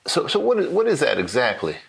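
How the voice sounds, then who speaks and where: A man's voice: on the high side, huge pitch swings, fast talker, vocal fry, heavily acted. A man voicing a hesitant older caller with a put-on Southern-sounding drawl, stammering and repeating himself on a mystery-shopper phone call. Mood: pleased.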